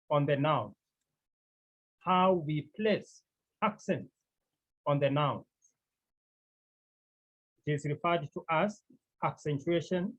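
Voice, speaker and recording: Slow, husky-voiced male teacher. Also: fairly high pitch. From Cameroon. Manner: slow, deliberate, repeats key words, clears throat often. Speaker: Greek teacher. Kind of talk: classroom lecture. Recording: dull lo-fi recording.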